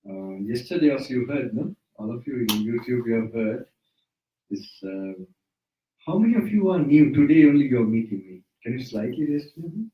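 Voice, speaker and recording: A man's voice: medium pitch, expressive, normal speed, muffled recording. A man gives an informal Buddhist dharma talk in a home, correcting himself as he goes and chuckling often. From Sri Lanka. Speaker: Buddhist monk teacher. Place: indoors at a private residence. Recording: roomy sound, mic at a distance.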